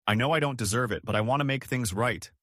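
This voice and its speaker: A man's voice: medium pitch, fast, a bit bright, dry recording, studio quality, natural voice. A man voicing a remorseful ex-wife who pleads in a trembling voice. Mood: pleading. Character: tearful remorseful ex-wife, adult woman.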